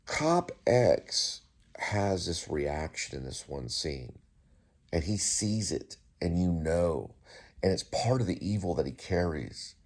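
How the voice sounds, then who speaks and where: A man's voice: low-pitched, very animated, slow. A middle-aged man hosting his own show, rambling through a casual monologue with many restarts and asides. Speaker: host.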